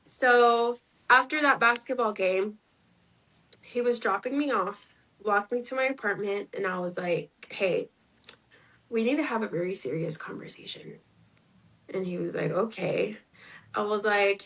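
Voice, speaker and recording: Her voice medium in pitch and fairly bright, a woman in her twenties speaks at normal speed as an interview guest sharing a personal story. She's chatty, acts out what people said, and uses plenty of "like." The audio is poor.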